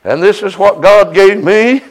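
A middle-aged man gives a sermon testimony. His voice sits high, and he peppers his phrases with "uh" before rising into chanted cries. The congregation answers him from around the room. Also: measured pace, poor audio. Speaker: preacher.

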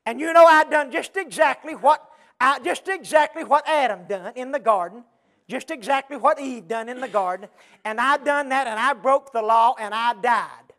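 A man preaching a chanted sermon, with a rhythmic sing-song delivery full of repeated refrains and breathy "uh"s. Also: extremely high pitch, normal speed, fairly bright tone.

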